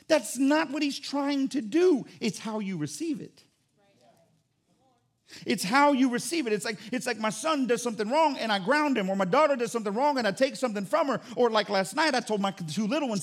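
High-voiced pastor preaching. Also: male voice, a little fast. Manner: lively, joking, preaching with acted-out asides. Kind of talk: sermon.

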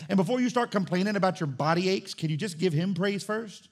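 A man's voice: sits high, fast talker. A man preaching a sermon as pastor, building in intensity and acting out back-and-forth dialogue.

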